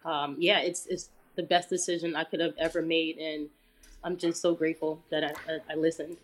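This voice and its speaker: A woman interview guest telling a personal story in a relaxed, chatty way with many fillers. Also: sits low, moderate pace.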